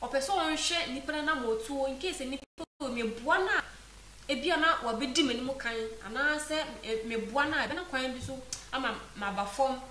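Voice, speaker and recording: A woman's voice: high-pitched, moderate pace, bright, forceful tone. A woman with a Ghanaian accent hosting a casual chat show, asking prompting questions and explaining her view at length. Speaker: show host. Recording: echoey room with faint noise.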